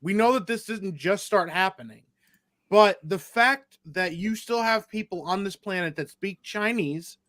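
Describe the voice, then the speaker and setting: A man's voice: sits high, unhurried, fairly bright tone, no room sound, studio quality. A man co-hosting a livestream, talking in a blunt, rambling, sweary way. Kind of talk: casual livestream chat.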